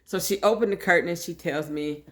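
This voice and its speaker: A woman's voice: lowish voice, a little fast. A woman telling her personal story in a casual, chatty way, talking straight to her listeners. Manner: chatty, animated, addresses listeners directly. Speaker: host sharing her health story.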